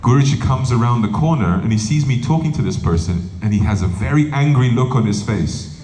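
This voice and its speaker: A man's voice: mid-range voice, animated, fairly quick, warm tone, a little hiss or hum. A man who is a monk and spiritual teacher, giving a humorous talk full of anecdotes and acted-out quotes. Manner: humorous storytelling, acting out quotes. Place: live event hall. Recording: roomy echo, faint background ambience.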